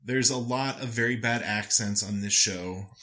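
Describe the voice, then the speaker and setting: A man's voice: on the low side, moderate pace, pushed and bright. A man co-hosting a podcast, recapping a TV show in wry, rambling, sweary casual chat. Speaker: podcast co-host.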